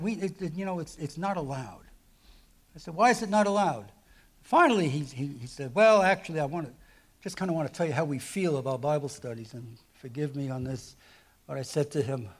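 Middle-aged male preacher, fairly high voice, animated anecdotal sermon delivery with frequent restarts. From New Jersey. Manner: animated storytelling, many restarts, lively swings in pitch and volume. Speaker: guest preacher. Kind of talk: sermon with retold dialogue.

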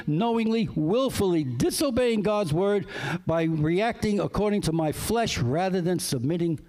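A man preaching a sermon, earnest and emphatic, repeating his key phrases as he tells personal stories. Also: high voice. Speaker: pastor. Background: soft guitar music.

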